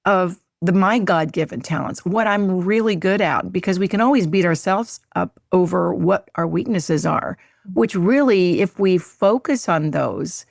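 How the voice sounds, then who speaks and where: A woman hosting a podcast in casual conversation, effusive and gushing, quick to laugh. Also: lowish voice, gravelly, no echo, studio quality. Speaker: podcast host.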